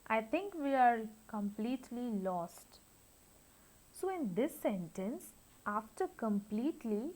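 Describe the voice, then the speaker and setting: Slow, deliberate woman teacher. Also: on the high side, a little mellow, poor audio. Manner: deliberate, spells out sounds and syllables with examples. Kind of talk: slow classroom lecture.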